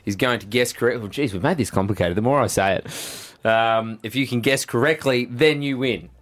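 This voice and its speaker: A man's voice: medium pitch, a little fast. A man co-hosting a radio show, explaining a guessing game in a rambling, self-deprecating way. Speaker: radio co-host. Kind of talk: casual radio banter.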